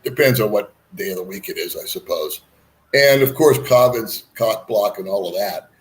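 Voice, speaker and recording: A man's voice: lowish voice, lively intonation, normal speed. Chatty, frank male host. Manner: rambling, frank, folksy asides. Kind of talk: casual chat.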